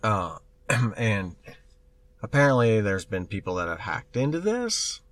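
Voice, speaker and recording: A man's voice: on the low side, a little slow, dry recording. A man co-hosting a casual tech podcast, telling stories animatedly and acting out the voices of the people in them. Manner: animated storyteller, acts out quoted voices. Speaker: podcast co-host.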